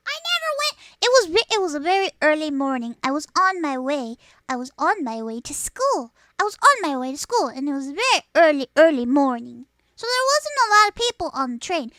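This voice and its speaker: An adult woman streamer telling a story to her chat in a crude, profane and animated way, close to a desk mic. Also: sits high, fairly quick, no echo.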